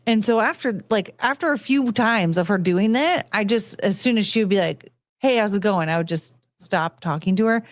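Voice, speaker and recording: A woman's voice: medium pitch, moderate pace, hardly any pauses, no echo, studio quality. A woman in her forties hosting a podcast, rambling and chatty, laughing often and swearing casually. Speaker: podcast host. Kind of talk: casual chat.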